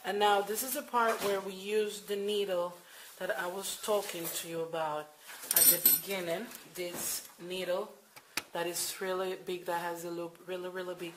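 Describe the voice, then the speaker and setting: A crochet tutorial maker talks through a casual how-to at home at night, hesitant and full of fillers, going over instructions more than once. Her voice is lowish and flat, at a normal speed, with background noise behind it.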